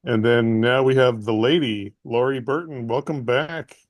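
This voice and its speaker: A man's voice: mid-range voice, steady tone, measured pace, no echo. A man hosting a networking meeting and introducing speakers with jokes. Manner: jovial, joking. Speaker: meeting host.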